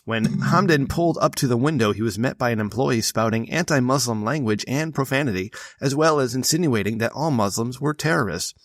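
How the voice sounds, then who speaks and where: A man's voice: medium pitch, a little fast, few pauses, no echo, studio quality. A man hosting a podcast, reading news stories aloud and cutting in with blunt, profane asides. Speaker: podcast host.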